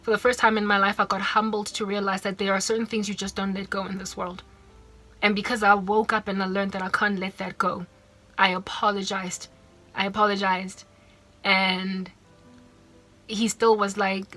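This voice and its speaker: Soft music plays behind a South African vlogger whose mid-range, fairly bright voice moves little in pitch at normal speed. In her South African accent, she relates a personal story with emotion, repeating herself as she quotes the people involved.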